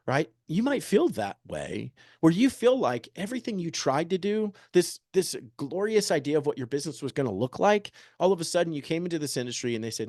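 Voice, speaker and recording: A man in his thirties, a real estate agent giving an energetic, joking motivational talk and peppering the room with rhetorical questions. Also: on the high side, fairly quick, hardly any pauses, no echo, studio quality. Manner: joking, upbeat. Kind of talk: motivational presentation to an audience.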